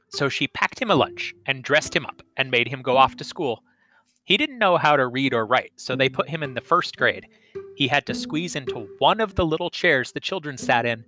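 A man's voice: medium pitch, sharp tone. A man telling a folk tale aloud as the host of a storytelling podcast, reading evenly and expressively. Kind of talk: storytelling narration.

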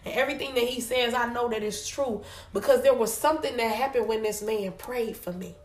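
High-voiced slangy Detroit woman, echoey. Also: a little fast. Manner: expressive, playful, slangy, often asks "you know what I'm saying?". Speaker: podcast co-host. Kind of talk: casual podcast chat.

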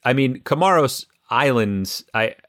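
A man's voice: mid-range voice, lively intonation, unhurried, a bit bright, dry recording. Dry-sounding, playfully confident male co-host. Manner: playfully confident, mock-authoritative. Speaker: podcast co-host. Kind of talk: casual banter.

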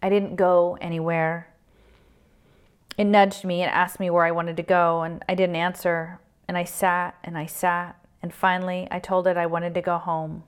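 Low, flat-voiced woman reading a novel. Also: moderate pace, clean tone. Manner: steady, subdued first-person narration. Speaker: reader. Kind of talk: novel read aloud.

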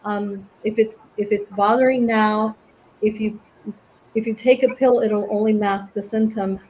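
A woman's voice: mid-range voice, steady tone, measured pace, slight background noise, poor audio. Reflective woman from Venezuela. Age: middle-aged. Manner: reflective, gentle, laughs often. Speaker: guest, cancer survivor and author. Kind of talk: interview conversation.

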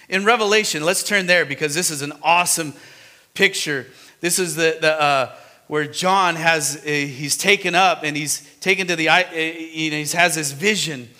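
Bright-voiced man preaching with emphasis. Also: a little high, moderate pace, big-room sound. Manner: animated, emphatic preaching with sudden rises and drops. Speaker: pastor. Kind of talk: sermon.

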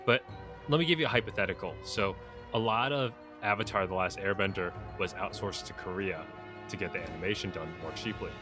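A man's voice: sits low, brisk, over music. A young man co-hosting a podcast, talking casually and thinking through hypothetical questions. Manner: thoughtful, poses hypotheticals. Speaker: podcast co-host. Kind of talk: casual chat.

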